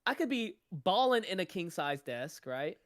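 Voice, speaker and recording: A man's voice: sits high, big pitch swings, moderate pace, fairly bright tone, clean tone, dry recording, clean studio sound. A young adult man co-hosting a podcast, joking and telling stories in casual chat. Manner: joking, teasing, storytelling. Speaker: podcast co-host.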